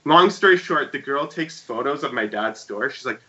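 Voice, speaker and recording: A man co-hosting a podcast, chatting casually and telling a story with animated swings between loud and quiet. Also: mid-range voice, moderate pace, highs cut off. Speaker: podcast co-host. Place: home room with shelves.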